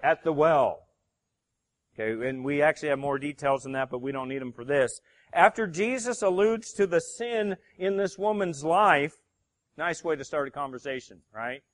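A man's voice: a little high, normal speed. A male pastor preaching a sermon, emphatic and fond of rhetorical questions to his congregation.

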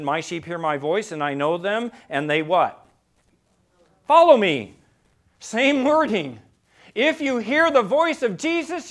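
A pastor delivers a sermon, moving between soft, low stretches and loud, forceful climaxes. He poses rhetorical questions to the congregation.

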